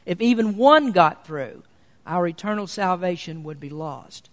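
A pastor delivers an earnest, steady sermon to his congregation, slowing down to lean on key words. His voice is notably high for a man, and the church hall gives it a long reverberant tail.

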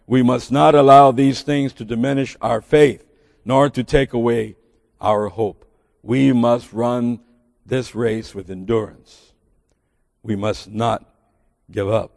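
A man's voice: medium pitch, steady tone, slow, gravelly, a little mellow, no echo, clean studio sound, long reverb tail. A middle-aged man with a Southern drawl preaching a sermon in a church, earnest and building to emphatic bursts with folksy asides.

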